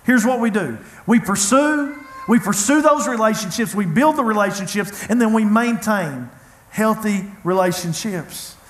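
A man's voice: sits high, lively intonation, normal speed. A man preaching a sermon, telling a personal story in an earnest, conversational way. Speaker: pastor. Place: church hall. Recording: echoey church room.

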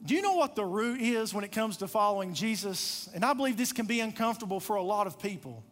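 A man's voice: sits high, animated, quick pace, fairly bright tone, soft background music. A man preaching a sermon, retelling a parable with passionate storytelling and direct appeals. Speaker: pastor.

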